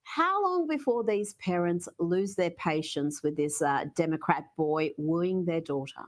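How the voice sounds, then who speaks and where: A woman's voice: on the low side, lively intonation, unhurried. Sarcastic woman news commentator. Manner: sarcastic, mocking delivery.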